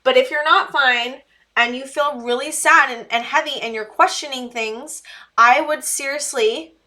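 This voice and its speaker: A woman reads tarot cards in a casual, heartfelt way. Her voice sits a little high and sounds bright. She pleads earnestly, doubles back on her words and leans on fillers. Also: a little slow. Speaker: tarot reader. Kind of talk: casual tarot reading to camera.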